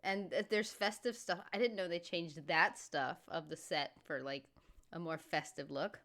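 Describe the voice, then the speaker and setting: A woman's voice: on the low side, normal speed, a bit bright. A woman hosting a reaction video, chatting casually and amused as she thinks aloud.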